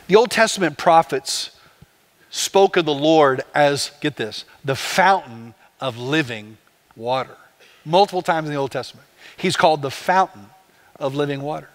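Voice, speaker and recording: A man's voice: on the high side, expressive, normal speed. A man, a pastor, preaching a conversational sermon with rhetorical questions to the congregation.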